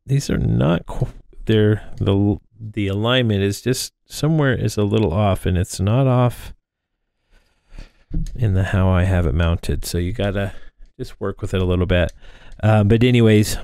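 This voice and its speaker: Walking through his drone frame build, a man in his thirties rambles casually, heavy on fillers and restarts. His voice is on the low side with a darkish tone, picked up by a close microphone in front of him with no room sound and clean studio sound.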